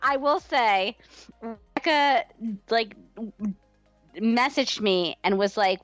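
A woman's voice: a little high, slow pace, a bit bright, dry recording, faint music behind. Giggly woman podcaster, dry sound. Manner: giggly, laughs often, bubbly. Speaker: podcast co-host. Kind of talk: casual fan podcast chat.

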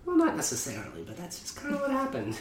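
A man's voice: high voice, huge pitch swings, fast, heavy reverb, distant mic, a crowd in the background. Man playing a bitter forgotten soul in a void. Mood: needling. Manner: needling, reproachful, laughing. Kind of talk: improvised comedy role-play.

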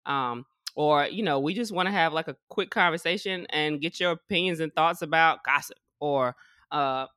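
A woman hosting a podcast in casual chat, animated and profane, laughing often. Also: low-pitched, moderate pace, clear, resonant tone, no echo, clean studio sound. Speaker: podcast host. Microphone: video call.

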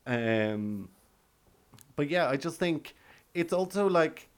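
A man's voice: a little high, expressive, slow pace. A man hosting a podcast, chatting casually and playfully about a reality show and laughing often. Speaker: podcast host. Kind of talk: casual recap chat.

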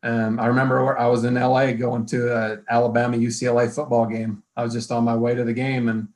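A man as an interview guest, recounting his career in a measured way with frequent ums. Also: mid-range voice, flat delivery. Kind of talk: casual conversational interview.

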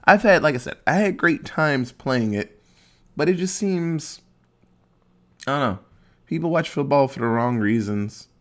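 A young man hosting a casual solo podcast, rambling and swearing, joking at his own expense and dropping into quick silly voices. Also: mid-range voice, expressive, a bit bright. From Ohio, USA. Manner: rambling, profane, self-mocking, acts out quick silly voices. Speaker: podcast host.

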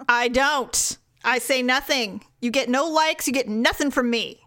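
A woman chatting casually as a podcast co-host, animated, playful and quick to judge. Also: high-pitched. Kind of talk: casual chat.

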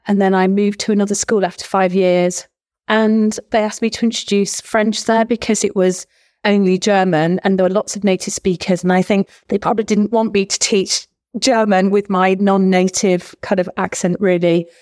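A woman's voice: medium pitch, fairly even intonation, moderate pace, a little mellow. A middle-aged woman, a former language teacher, chatting as a guest in an interview, enthusiastic and full of asides. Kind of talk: casual interview storytelling.

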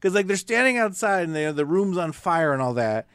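A man co-hosting a casual movie podcast, his voice sitting a bit high and swinging widely as he talks. He acts out scenes in a loose, swearing, chatty way. The sound is close and dry, with no room echo. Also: a little fast, clean tone. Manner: animated, acts out lines from the film, swears casually. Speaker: podcast co-host. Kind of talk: casual movie-review chat.

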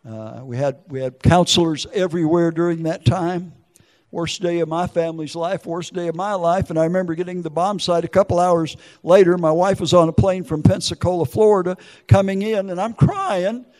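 An older man with a drawl delivers a heartfelt church testimony on a fairly high-pitched voice. He tells his story with feeling, sliding into other people's words as he goes. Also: steady tone, moderate pace, darkish tone, big-room sound. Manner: emotional storytelling with acted quotes. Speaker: preacher giving testimony. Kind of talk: testimony sermon.

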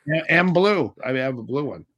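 As an interview guest, a middle-aged martial arts instructor casually retells old stories, animatedly taking on the voices of people he quotes. His pitch is ordinary and middle, his pace fairly quick, and the audio sounds dull.

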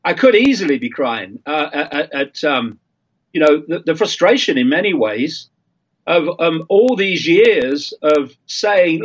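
Husky older man, slow and emphatic. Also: on the high side, big pitch swings, lo-fi sound. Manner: earnest, emphatic, halting with fillers. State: frog in his throat. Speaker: guest. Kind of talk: impassioned talk-show monologue.

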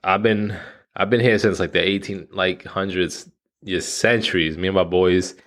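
Casual podcast host around thirty, lowish male voice, loose and rambling, swears a lot, jokes at his own expense. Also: steady tone, moderate pace, a bit bright. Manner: rambling, profane, self-mocking, laughs at himself. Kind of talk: casual solo podcast monologue.

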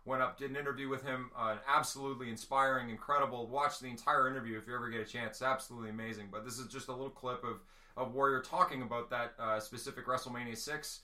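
Excitable podcast host, halting delivery. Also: male voice, medium pitch. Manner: halting, many fillers, excitable. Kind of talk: casual chat.

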